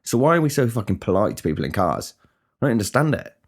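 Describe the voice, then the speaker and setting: A man's voice: fairly low pitch, sing-song, fast talker. A man hosting a casual solo podcast, rambling and swearing with many restarts. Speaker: podcast host.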